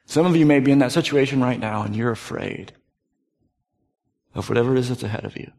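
A man in his thirties preaching a sermon, earnest, dropping to soft, hushed tones at tender moments. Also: medium pitch, a little fast, gravelly. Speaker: pastor. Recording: long hall reverb.

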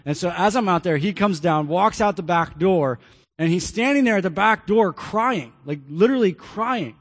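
A man in his thirties preaches with earnest warmth, telling a family story and circling back to repeat his key phrases. His voice sits a little high for a man. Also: expressive, normal speed, long reverb tail. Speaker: pastor. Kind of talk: sermon with personal story.

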